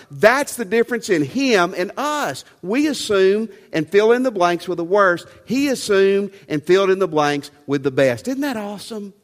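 A pastor preaches in a slightly high voice, pressing each point home with rhetorical questions. The sound rings with the long reverb of a big sanctuary. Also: male voice, animated, normal speed, hardly any pauses. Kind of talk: sermon.

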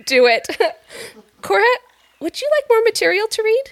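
An actress playing a gracious, sweet-natured female artist in an audio drama, effusive and gently probing. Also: extremely high pitch, very animated, a little slow, exaggerated voice. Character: gracious warm female artist, doctor's wife.

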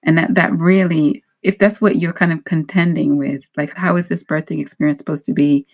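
Low-voiced woman interviewer, direct and probing. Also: fairly even intonation, brisk, darkish tone. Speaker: interviewer, host. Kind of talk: interview conversation.

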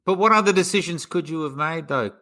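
A man's voice: on the high side, fast, crowd noise. A man co-hosting a podcast interview, asking probing follow-up questions. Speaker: podcast co-host.

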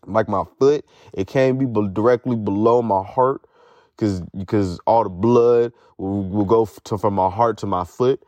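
A man's voice: on the low side, fairly even intonation, measured pace, a little mellow, dry recording. A young man hosting a podcast alone, talking casually in a rambling, profane way while in pain from a foot injury. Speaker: podcast host. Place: sitting outdoors at home.

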